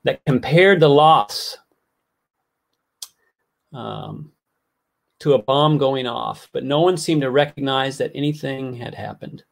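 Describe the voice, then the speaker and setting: Gravelly-voiced man preaching earnestly. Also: medium pitch, slow, long pauses. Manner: earnest, heartfelt storytelling that builds to impassioned pleading. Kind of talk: sermon.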